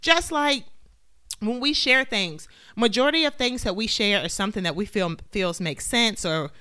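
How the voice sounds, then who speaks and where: A woman co-hosting a podcast, talking in a casual, animated and opinionated way. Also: medium pitch, moderate pace, clear, resonant tone, dry recording, clean studio sound. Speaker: podcast co-host. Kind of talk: casual chat.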